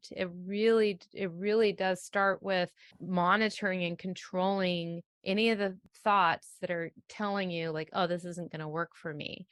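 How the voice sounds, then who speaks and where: Smooth-voiced woman explaining earnestly. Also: fairly low pitch, fairly bright tone, no room sound, clean studio sound. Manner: earnest, explanatory, with many restarts and fillers. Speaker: podcast guest, manifesting coach. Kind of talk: conversational interview.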